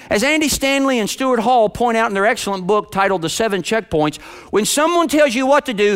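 Man, pastor, sermon, high and smooth voice, drawn-out emphasis. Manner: lively, rhetorical, drawing out key words. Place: church.

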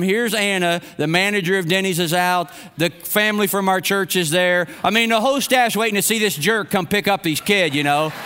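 A man's voice: high-pitched, fairly bright tone, clean tone. A middle-aged male pastor giving a sermon and telling stories in a conversational way. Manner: storytelling, conversational preaching.

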